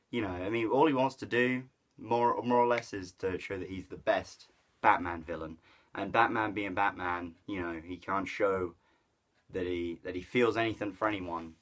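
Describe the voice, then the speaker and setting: A man with a notably deep, low voice talks through a film review in a loose, offhand way. He stumbles over his words, circles back with fillers, and gets excited about the bits he liked. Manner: rambling, with many fillers and restarts; enthusiastic, laughs at the jokes he retells. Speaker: movie reviewer. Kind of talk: casual rambling film review.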